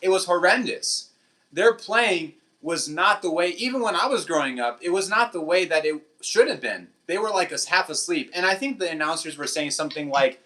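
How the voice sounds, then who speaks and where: A livestream host with a bright, forceful voice a little higher than usual chats casually with viewers and the live chat. Animated and speaking at normal speed, he laughs a lot and switches now and then between English and Portuguese.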